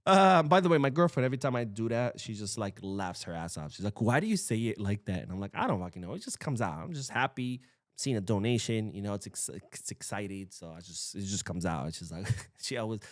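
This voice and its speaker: A young man hosts a live stream from his desk mic and reads viewer comments aloud. His talk is loose and profane, and his pitch swings widely. The sound is dry and close, with no room echo. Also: brisk. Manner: animated, swears freely, reads chat aloud. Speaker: livestream host. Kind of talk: casual live-stream chat.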